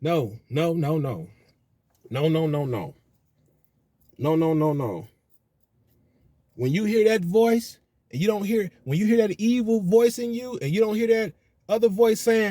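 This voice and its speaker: A man's voice: high voice, unhurried, long pauses, mellow, dry recording. Preachy man, dry close sound. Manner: preachy, repetitive "you know what I'm saying". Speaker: commentator on religion. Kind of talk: casual monologue.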